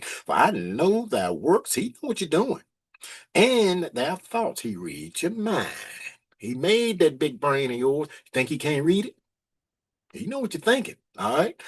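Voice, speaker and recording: A man giving informal Bible teaching, reading verses slowly and then commenting on them in plain, emphatic talk. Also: a little high, slightly rough.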